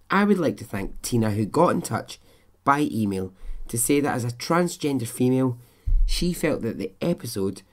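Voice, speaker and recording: A middle-aged man hosting a podcast, talking in a candid, chatty, self-questioning way. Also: mid-range voice. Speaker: podcast host. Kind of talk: casual podcast monologue.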